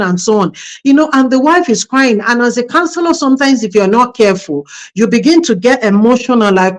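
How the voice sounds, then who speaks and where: A woman's voice: fairly high pitch, animated, fairly quick, poor audio. Reflective female pastor hosting a talk. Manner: reflective, tells anecdotes with many fillers. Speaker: pastor and host. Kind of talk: conversational talk on marriage.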